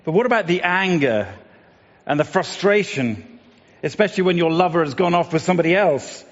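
A middle-aged man speaks in a somewhat high voice, musing his way through a morning devotion with frequent fillers and restarts. The sound is dull and lo-fi, and a long reverb trails after his words. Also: expressive, a little fast. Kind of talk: reflective spoken devotion.

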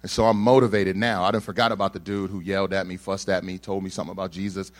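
A young man with a low-sitting voice talks fast as he tells the crowd a personal story. He's lively, acting out each person in it and bantering with the audience.

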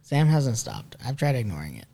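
A man's voice: medium pitch, wildly swooping pitch, moderate pace, vocal fry, dark tone. A man hosting a casual podcast chat with friends, rambling with fillers and laughing often. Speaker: podcast host. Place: basement room.

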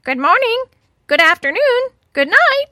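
Lady doing a shrill squawky parrot, storybook bird, way up high and bright, dry close sound. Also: very animated, measured pace, no room sound, full character voice. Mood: squawking. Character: shrill mimicking male pet parrot.

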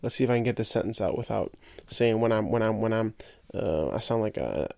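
A man's voice: lowish voice, lively intonation, brisk, creaky, dark tone, no echo. Rambling young man, dry close sound. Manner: rambling, jokey, trips over his words. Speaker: podcast host. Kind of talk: casual solo chat.

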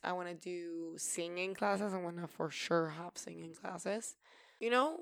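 Gravelly-voiced woman podcaster. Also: lowish voice, dry recording, studio quality. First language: Spanish. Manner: chatty and emotional, swears casually, bursts of loud laughter-like emphasis. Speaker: podcast host. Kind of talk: casual solo podcast monologue.

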